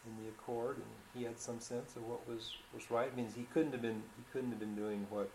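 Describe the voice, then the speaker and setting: A man's voice: mid-range voice, little pitch movement, a little fast, a little mellow, a little hiss or hum. A male interviewer with a thoughtful, probing manner, posing leading questions in an oral history interview. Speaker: interviewer, economist. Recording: echoey room.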